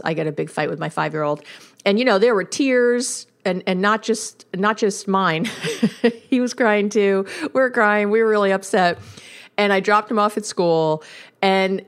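A woman hosting her own podcast in a relaxed monologue. She works as a therapist and speaks at a middle pitch, with an easy, chatty telling that breaks into laughs at her own expense. When she relives a moment, her voice jumps high and lively. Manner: chatty storytelling with frequent laughs and self-mockery. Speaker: podcast host and couples therapist.

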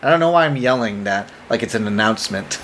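A man's voice: on the low side, expressive, fast talker, fairly bright tone, slight background noise. A man co-hosting a podcast in casual chat, with dry, playful teasing. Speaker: podcast co-host.

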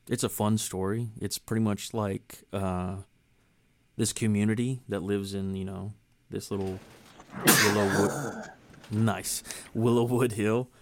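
Speaking at a fairly low pitch with no echo in the recording, a man hosts a podcast. The conversation is a casual chat among friends, and he rambles in a relaxed, filler-heavy way.

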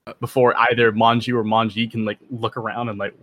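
A man's voice: lowish voice, little pitch movement, quick pace, muffled recording. Offhand man at a tabletop game. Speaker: player. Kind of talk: in-character tabletop play.

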